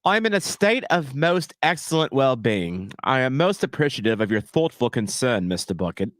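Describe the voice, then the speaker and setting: A man voicing an overly polite British gentleman, speaking in a mock-posh way with flowery phrasing. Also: mid-range voice, big pitch swings, normal speed, no room sound, close to an everyday voice. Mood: prim.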